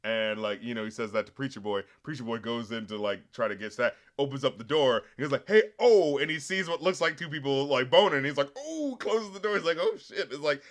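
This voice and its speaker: A man hosting a casual spoiler review chat, animated and profane, acting out characters in quick quotes. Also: medium pitch. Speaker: movie review show host.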